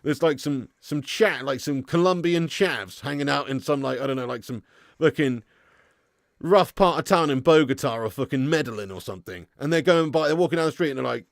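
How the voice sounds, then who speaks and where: A man's voice: mid-range voice, fairly quick, creaky, no room sound, studio quality. A man with a casual, laughing manner hosts a football watch-along stream, swearing freely and reading viewers' messages aloud. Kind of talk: casual live-stream chat.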